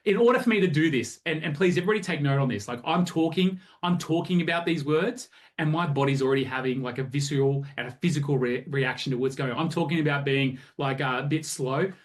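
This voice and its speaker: A man coaching a group over a video call, energetic and acting out both sides of conversations. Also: a little high, fast, few pauses. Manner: energetic, animated, acts out both sides of chats. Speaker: sales coach.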